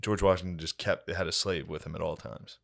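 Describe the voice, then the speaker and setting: A low-pitched man telling a crude story on a comedy podcast. He keeps laughing as he talks and jumps into high mocking voices whenever he quotes someone. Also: fairly even intonation, brisk, gravelly, a bit bright. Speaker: podcast co-host.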